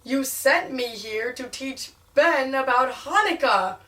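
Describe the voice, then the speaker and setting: A woman's voice: high-pitched, animated, slow pace, pushed and bright, far from the mic, heavily acted. A woman voicing a flustered grown man who keeps trying to tell a story, in an earnest manner.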